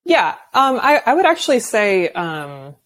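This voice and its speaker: A woman's voice: fairly high pitch, sing-song, a little slow, a bit bright, dry recording. A young adult woman guest on a podcast, candid and loose, laughing often as she tells stories. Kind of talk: casual chat.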